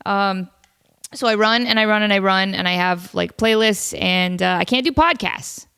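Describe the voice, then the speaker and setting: A woman's voice: medium pitch, normal speed, vocal fry, bright, forceful tone, clear, resonant tone. A woman hosting a casual solo podcast from home, chatty and self-deprecating, with a cold. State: has a cold, sniffly. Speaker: podcast host.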